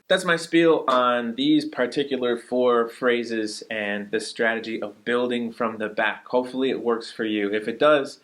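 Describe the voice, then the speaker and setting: A man teaching a language lesson at an ordinary middle pitch. He is patient and explanatory, slowing down to spell out sounds and repeating them for his learners. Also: fairly bright tone. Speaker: Chinese teacher.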